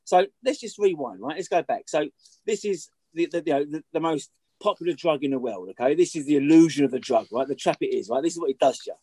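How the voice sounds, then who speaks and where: Fast-talking blunt middle-aged man. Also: a little high, animated, dark tone, breathy edge, dry recording. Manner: blunt and sweary, repeats points for emphasis. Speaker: guest. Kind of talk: candid conversational storytelling.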